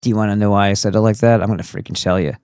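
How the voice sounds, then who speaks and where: A man's voice: on the low side, steady tone, very fast, gravelly, a little mellow, smooth, no room sound. A man hosting a casual livestream, talking in a goofy, profane and rambling way. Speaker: streamer host.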